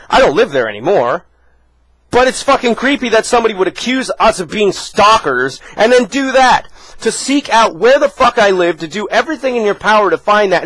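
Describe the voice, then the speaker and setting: Man, high-pitched, furious, profane, confrontational, dry, vlog rant. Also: a bit bright, no echo, low-quality recording. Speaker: vlogger. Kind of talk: angry rant to camera.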